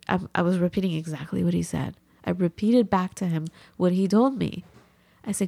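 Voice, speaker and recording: A middle-aged woman hosting a podcast, telling a story in a casual, animated way and acting out the people she quotes. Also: moderate pace, vocal fry, no room sound. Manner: animated, acts out quotes with big pitch jumps. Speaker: podcast host.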